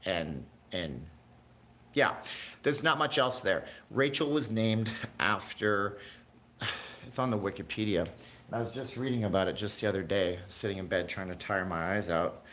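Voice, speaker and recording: A man's voice: on the low side, a bit bright. A man hosting a casual livestream, chatting in a rambling way, jumping between tangents and talking to his live chat viewers. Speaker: livestream host.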